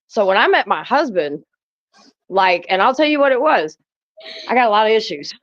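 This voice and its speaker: A woman's voice: medium pitch, big pitch swings, a little fast, pauses often, highs cut off. Blunt, profane woman on a panel. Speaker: podcast panelist. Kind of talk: casual panel chat.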